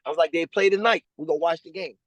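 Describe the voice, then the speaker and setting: Guy in his 30s telling his story on a call, slangy, pretty high voice, dry sound. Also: very fast, no echo, muffled recording. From Louisiana. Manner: animated storyteller, acting out quoted people in a higher voice; slangy and casual. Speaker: guest. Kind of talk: storytelling interview. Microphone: remote call over a weak connection.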